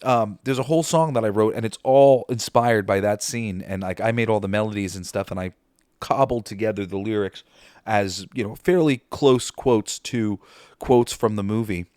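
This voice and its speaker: This podcast host is a man whose voice is on the low side and a little mellow, moving at a moderate pace. He rambles through a casual chat full of fillers and laughs, quoting movie lines along the way. The sound is clean studio quality with no echo.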